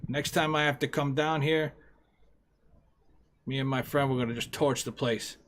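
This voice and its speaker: A cold, threatening mob enforcer who keeps his voice low and quiet as he issues demands, as a game master puts him on. The menace comes through in a calm, clipped delivery in this tabletop crime story. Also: normal speed, lightly acted.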